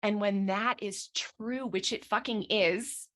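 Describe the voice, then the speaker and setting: Over a live online session, a woman coach guides a visualization slowly and soothingly, swearing now and then. Her voice is medium in pitch and a bit bright.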